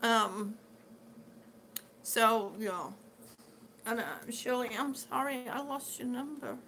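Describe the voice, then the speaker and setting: A woman's voice: a little high, steady tone, slow, pushed and bright, a little hiss or hum. A middle-aged woman chatting casually on her live stream, rambling and answering viewers' comments as she goes. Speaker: vlogger living with lung disease.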